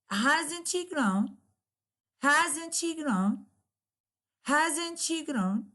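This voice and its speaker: A woman with an Arabic accent giving a grammar lecture, repeating example sentences slowly to show their intonation. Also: on the high side, fairly bright tone.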